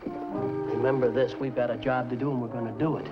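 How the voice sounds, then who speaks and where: A man's voice: medium pitch, fairly even intonation, fairly quick, over loud music, natural voice. A young man playing a brash, bossy comic lead in a 1950s sitcom. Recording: dull, hissy 1950s TV soundtrack.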